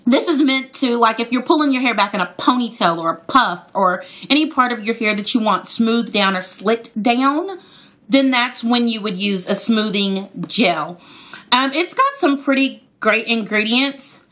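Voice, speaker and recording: A woman's voice: on the high side, normal speed. Chatty woman vlogging. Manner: chatty, animated, talks straight to viewers. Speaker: hair product reviewer. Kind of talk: casual product review vlog.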